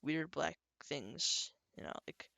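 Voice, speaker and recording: A young man co-hosting a casual podcast chat, talking haltingly and trailing off with "so". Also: fairly high pitch, lively intonation, gravelly, sharp tone, no echo. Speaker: podcast co-host.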